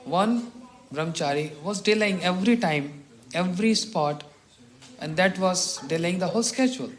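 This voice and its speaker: A middle-aged man from India, a monk telling stories in a morning talk who chuckles often and clears his throat. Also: sits high, normal speed. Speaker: monk teacher.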